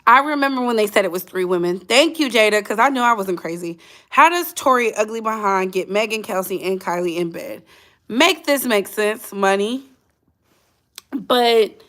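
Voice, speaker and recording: A woman's voice: mid-range voice, expressive, normal speed, a bit bright. A woman hosting a livestreamed gossip channel in blunt, chatty casual commentary, talking straight to her chat.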